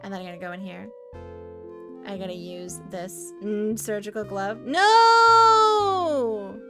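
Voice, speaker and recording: A woman streaming a retro adventure game, chatting casually and playfully with her viewers and breaking into loud bursts of frustration. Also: medium pitch, flat delivery, moderate pace, over music. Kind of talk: casual live-stream commentary.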